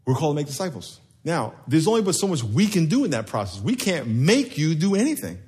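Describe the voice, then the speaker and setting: A man with a fairly high voice preaches to his congregation. He keeps it conversational and playful, and he leads the room in call-and-response. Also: sing-song, quick pace, a little mellow. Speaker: pastor. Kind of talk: sermon. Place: church sanctuary.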